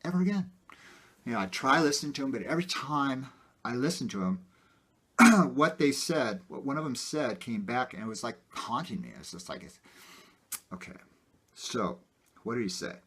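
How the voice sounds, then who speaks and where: Man, husky voice, low pitch, lively rise and fall, rambling casual talk, lots of fillers. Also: moderate pace. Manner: rambling, many "you know" fillers, animated. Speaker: video host. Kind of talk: casual personal talk to camera.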